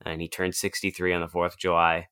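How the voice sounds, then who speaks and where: A man co-hosting a podcast, talking in a tired, deadpan, rambling way. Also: deep voice, fast, clear, resonant tone. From Virginia. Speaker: podcast co-host. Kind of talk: casual chat.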